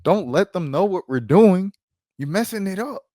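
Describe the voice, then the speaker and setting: A shrill, whining spokesperson , as a man puts him on pleads in a voice pushed far up, thin and strange in tone. He mocks as he begs, drawing words out in a pleading sing-song. The sound is close and dry. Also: lively intonation, moderate pace, warm tone, no room sound. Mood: whiny pleading. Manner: mocking, exaggerated whine. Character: whiny pleading spokesperson for a donor group.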